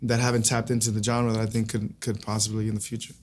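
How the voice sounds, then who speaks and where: Speaking fast in a lowish, flat voice, a male singer guesting on an interview show talks casually and chattily, restarting often.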